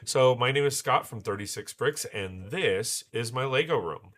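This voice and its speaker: A man talks his way through a casual livestream, his voice hoarse from recent illness. He rambles with fillers and restarts, and his tone stays bright and forceful. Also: medium pitch, expressive, moderate pace, soft background music. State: hoarse, recovering from losing voice. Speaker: livestream host building Lego.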